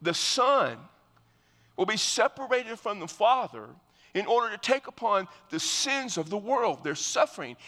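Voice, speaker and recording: A male pastor delivers a verse-by-verse sermon in a large hall, his fairly high voice bright and forceful. He explains earnestly and frequently starts his phrases over.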